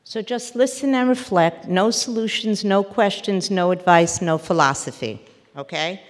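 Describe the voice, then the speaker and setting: A woman therapist giving a parenting lecture to a live audience, animated and acting out little scenes as she teaches. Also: mid-range voice, measured pace, long reverb tail. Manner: animated, acts out little scenes with quoted voices.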